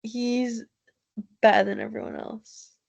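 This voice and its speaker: Slow, deadpan sarcastic woman co-host. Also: a little high, gravelly, dull audio. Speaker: podcast co-host. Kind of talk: casual chat.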